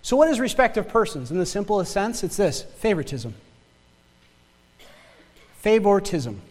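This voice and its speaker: A man's voice: high-pitched, expressive, brisk, big-room sound. A male pastor from northern Michigan with a Yooper accent, preaching a sermon full of rhetorical questions and repeated words.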